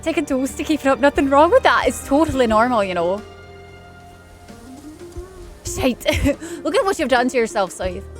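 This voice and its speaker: A chatty woman talks her way through a video game stream, reacting and answering viewers in a bright, bubbly way. Her voice sits fairly high, and faint game music plays underneath. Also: lively intonation, brisk, hardly any pauses. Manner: chatty, bubbly, chats with viewers while playing. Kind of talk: casual let's-play commentary.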